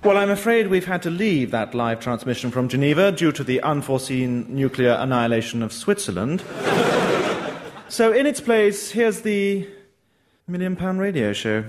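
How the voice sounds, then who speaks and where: A man announcing and playing a doctor in a radio comedy sketch, with brisk, salesman-like patter. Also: a little high, big pitch swings, heavy background noise.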